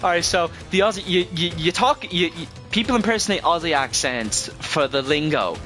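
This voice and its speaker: A man's voice: a little high, animated, moderate pace, sharp tone, faint music behind. A man streaming a game, rambling through casual commentary with frequent swearing and self-corrections.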